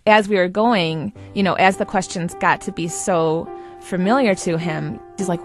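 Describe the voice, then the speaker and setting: A woman telling her story as an interview guest, animated and quick to laugh. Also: lowish voice, over music. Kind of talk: personal interview recollection.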